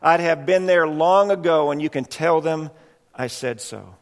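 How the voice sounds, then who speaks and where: A man's voice: fairly high pitch, measured pace. A man voicing an indignant, self-righteous male ghost who insists on his rights and keeps tagging "see?" onto his lines. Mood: defiant. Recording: long reverb in a hall.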